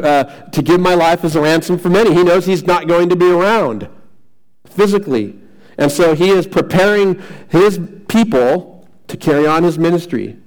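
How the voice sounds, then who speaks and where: A man's voice: on the high side, darkish tone, low-quality recording. A middle-aged man preaching a sermon as a pastor, earnest and repetitive, often restarting phrases.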